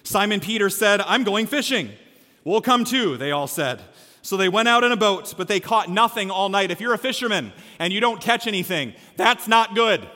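Bright-voiced preacher in a big hall. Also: male voice, sits high, moderate pace. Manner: energetic, humorous, acts out quotes. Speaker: pastor. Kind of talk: sermon. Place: church sanctuary.

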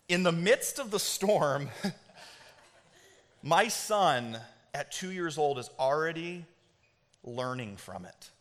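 Higher-voiced man preaching in a reverberant hall. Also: drawn-out words, pauses often. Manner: animated, conversational, often checking in with "right?". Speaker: pastor. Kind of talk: sermon with personal storytelling. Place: church sanctuary.

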